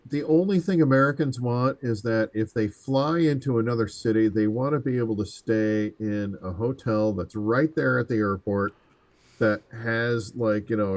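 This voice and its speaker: A man's voice: medium pitch, darkish tone, dry recording. A man co-hosting an internet talk show, chatting in a loose, rambling way. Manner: easygoing, rambling commentary. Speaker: podcast co-host. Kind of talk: casual chat.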